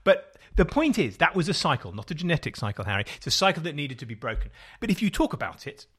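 A man's voice: on the high side, sing-song, quick pace, husky. A middle-aged man co-hosting a podcast, telling rambling, self-mocking stories in casual chat. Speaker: podcast co-host.

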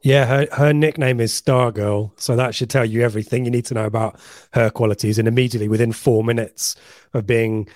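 A man's voice: medium pitch, steady tone, brisk, darkish tone, no room sound. A man co-hosting a podcast in an easy, casual way, greeting listeners and passing along their messages. His voice sits in an ordinary middle register. The sound is dry and close, with no room around it. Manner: chatty, reads out listener messages. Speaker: podcast co-host. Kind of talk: casual live podcast chat.

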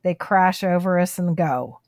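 Slow, soothing woman. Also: on the low side, a little mellow, no echo, clean studio sound. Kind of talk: casual heartfelt conversation.

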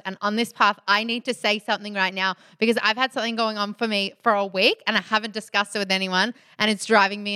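A woman's voice: medium pitch, fairly bright tone, clean tone, no echo, clean studio sound. A woman in casual conversation, openly and earnestly admitting her own feelings. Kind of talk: casual confessional chat.

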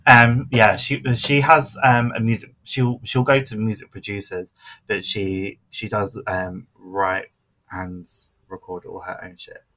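Giggly young man, bright voice. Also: fairly low pitch, steady tone, measured pace. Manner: giggly, trails off quietly. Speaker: podcast co-host. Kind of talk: casual chat.

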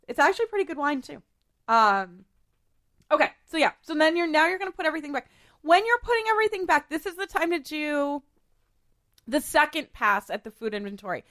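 A chatty woman with a high voice hosts a podcast and walks through cleaning steps. She drops in fillers and laughs along the way. The recording is dry and close, with no room sound. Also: sing-song, fairly quick, a bit bright, dry recording. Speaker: podcast host giving cleaning advice. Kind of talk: casual chat mixed with how-to instructions.

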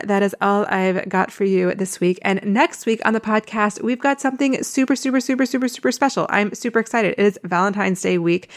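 A woman's voice: on the low side, gravelly. A woman hosting her own podcast, talking candidly and emphatically about coaching, stressing points by repeating words. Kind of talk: solo podcast talk.

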